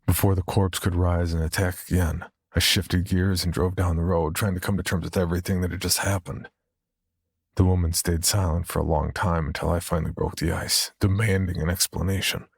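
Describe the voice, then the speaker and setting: A man narrating a first-person horror story in a steady, measured storytelling manner. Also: low voice, gravelly, husky, dry recording, clean studio sound.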